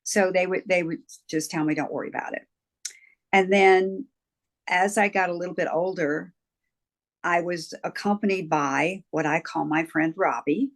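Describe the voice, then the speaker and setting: Brief: older woman guest, reflective storyteller, slightly low pitch. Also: steady tone, measured pace. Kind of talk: interview storytelling.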